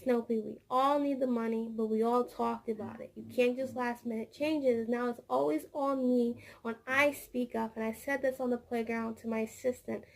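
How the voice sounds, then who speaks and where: A woman with a slightly high voice talks casually to her camera, looping back and repeating words as she goes. There is a gravelly fry running through her speech. She acts out the lines of the people in her story as she tells it. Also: fairly even intonation, moderate pace, hardly any pauses. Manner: rambling, repeats words, acts out quoted dialogue. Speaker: vlogger; childcare teacher.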